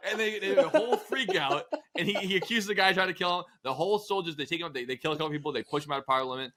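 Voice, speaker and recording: Man, podcast co-host, casual storytelling, profane jokes, bright voice. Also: on the high side, brisk. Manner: profane, jokey storytelling with acted quotes. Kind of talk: casual history chat.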